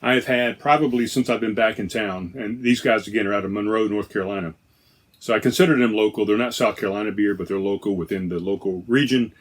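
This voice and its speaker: Low-voiced man rambling about beer. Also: steady tone, quick pace. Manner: rambling, self-correcting, chatty. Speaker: podcast host. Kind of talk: casual beer-tasting chat. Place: inside a trailer.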